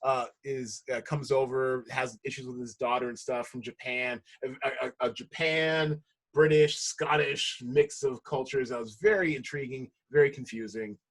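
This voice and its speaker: An American man hosting a podcast, rambling and correcting himself in casual chat, quick to laugh. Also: medium pitch. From United States. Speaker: podcast host.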